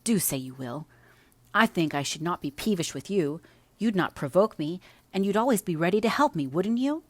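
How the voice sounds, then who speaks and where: A woman's voice: lowish voice, animated, moderate pace, no echo, pitched above the performer's own voice. Woman voicing a whiny sickly teenage boy. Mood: pleading. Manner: whiny, self-pitying.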